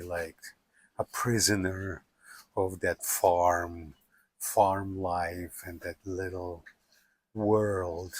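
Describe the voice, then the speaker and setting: Older man from Russia, slow reflective storyteller, dry close sound. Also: low-pitched, fairly bright tone, no echo. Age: 70s. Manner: unhurried, musing, with frequent "you know" and "like". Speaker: documentary subject.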